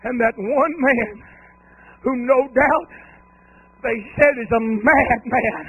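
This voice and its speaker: A man preaching a revival sermon, driving his points home with rhythmic repetition and shouted cries. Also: very high voice, takes it slowly, breathy edge, no echo, rough recording.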